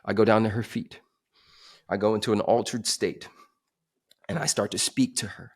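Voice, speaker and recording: A man on a podcast telling a dramatic personal story, swinging from emphatic to hushed. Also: lowish voice, normal speed, long pauses, husky. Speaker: podcast guest.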